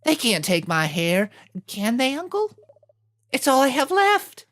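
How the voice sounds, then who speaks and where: A woman voicing a young, spirited half-genie heroine, high and plaintive, in a game let's play. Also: lively intonation, unhurried, no echo, close to an everyday voice.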